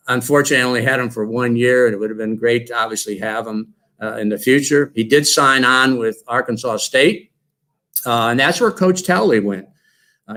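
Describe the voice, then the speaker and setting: An older man speaks at a mid-range pitch, telling a coaching story in a lively way. He is a former coach giving an induction tribute, and he talks to the audience as if he were reminiscing.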